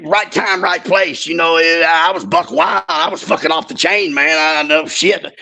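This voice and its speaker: Brief: middle-aged ex-wrestler, bright high voice with wide swings, profane rambling stories. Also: male voice, expressive, moderate pace, vocal fry. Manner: profane, laughing, rambling storyteller. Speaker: guest, former wrestler. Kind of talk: casual storytelling chat.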